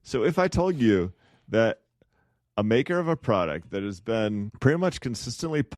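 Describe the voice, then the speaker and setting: A man's voice: fairly low pitch, very animated, moderate pace, darkish tone, no echo, clean studio sound. A man co-hosting a podcast, chatting casually and a little ramblingly about investing, with an occasional chuckle. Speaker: podcast co-host.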